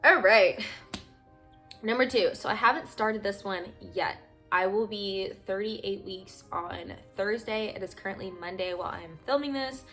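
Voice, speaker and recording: A woman's voice: mid-range voice, normal speed, a bit bright, faint music behind. A young woman talking casually to camera as a parenting vlogger, noticeably out of breath, chatty and rambling with fillers. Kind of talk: casual vlog talk to camera.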